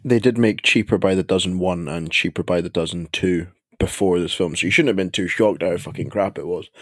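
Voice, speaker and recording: Male podcast co-host, rapid, deep voice, blunt sweary banter. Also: husky, no echo, clean studio sound. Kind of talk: casual film chat.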